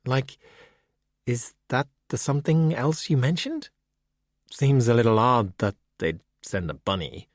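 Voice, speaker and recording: A man's voice: mid-range voice, very animated, unhurried, dry recording. A man voicing a sarcastic, impatient young woman in an audiobook, talking in a snappy, sarcastic way. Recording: dry close audiobook recording.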